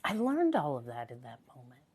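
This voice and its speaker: A woman's voice: extremely low pitch, huge pitch swings, a little fast, a little mellow, slightly rough. A woman hosting a live stream, talking earnestly and motivationally, repeating phrases for emphasis, her voice a little worn from a sore throat. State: recovering from a sore voice. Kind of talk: casual live-stream chat.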